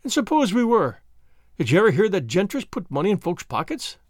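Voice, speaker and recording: A man voicing a fiery, sly Scottish Highland outlaw in an audiobook, blustering with put-on fury. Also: sing-song, brisk, dry recording, clean studio sound. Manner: blustering, sly, mock-furious. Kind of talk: audiobook character voice.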